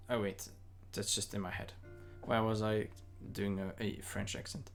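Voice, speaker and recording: A man's voice: lowish voice, flat delivery, unhurried, creaky, soft background music. A man streaming a visual novel, reading its narration and every character's lines in his own voice and breaking off for joking asides. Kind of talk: casual let's-play narration and dialogue reading.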